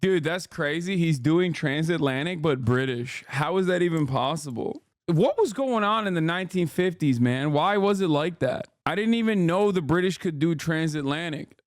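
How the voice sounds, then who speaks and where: Male streamer, loose and profane, slightly high voice, dry sound. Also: expressive, normal speed, few pauses, no room sound. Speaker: streamer host. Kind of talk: casual commentary.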